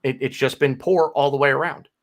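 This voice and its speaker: A man's voice: mid-range voice, brisk. An American man co-hosting a casual football podcast, talking animatedly and often restarting his sentences. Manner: animated, with frequent restarts and repeated words. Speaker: podcast co-host.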